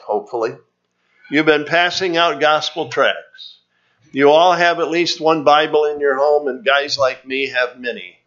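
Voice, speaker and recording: A man's voice: on the high side, fairly bright tone. A man preaching a sermon, teaching earnestly and reading scripture aloud to his listeners. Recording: muffled lo-fi recording.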